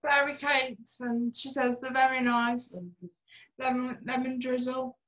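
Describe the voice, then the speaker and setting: A woman's voice: high voice, little pitch movement, fairly bright tone, poor audio. Young woman giving short answers. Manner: short plain answers, unhurried. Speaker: interview guest.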